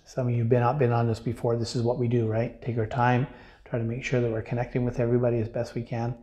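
A man's voice: medium pitch, completely flat delivery, quick pace, warm tone. A man, a pastor giving an earnest, emphatic Bible teaching to online viewers. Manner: earnest, emphatic, addresses viewers as brothers and sisters. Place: church, streamed online.

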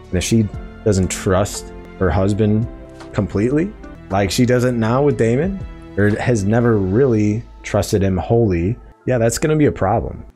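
A man hosting a podcast, chatting in an excitable, casual way as he breaks down a TV episode. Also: lowish voice. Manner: chatty, excitable, acts out quoted lines. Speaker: podcast host.

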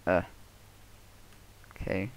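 Muffled, swearing young guy gaming. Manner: mumbling to himself, swearing, quick outbursts. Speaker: Let's Play gamer. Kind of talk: casual gameplay commentary. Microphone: headset microphone. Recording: muffled headset audio, faint noise.

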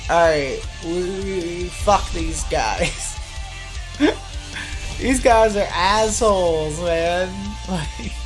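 A woman streaming a game live, commentating in a profane, excitable, trash-talking way. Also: on the low side, rough recording. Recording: game music underneath.

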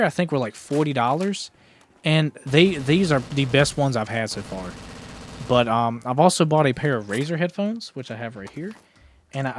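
Chatty young man, lively gaming commentary. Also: mid-range voice, a little hiss or hum. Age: young adult. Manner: rambling and chatty, with sudden excited outbursts. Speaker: gaming YouTuber. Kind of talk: casual gameplay commentary. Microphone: gaming headset.

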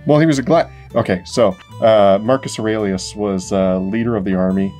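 A man's voice: lowish voice, normal speed, dark tone. Playful guy telling jokes on a craft vlog, faint music behind. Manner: jokey, playful, sings silly improvised tunes. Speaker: co-host. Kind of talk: casual chat.

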